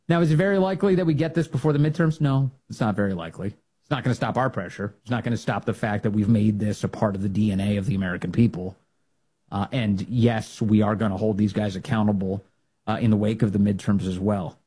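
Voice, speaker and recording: A man's voice: lively intonation, a little fast, breathy edge. A man hosting a political talk show, delivering commentary in an emphatic, rallying way. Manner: emphatic, rallying, swings to loud high bursts.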